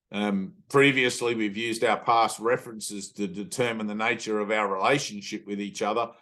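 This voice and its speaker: A man's voice: mid-range voice, a bit bright. A man who is a spiritual teacher, giving a casual talk, telling loose stories with plenty of fillers and acting out the voices he quotes. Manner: loose storytelling, full of fillers.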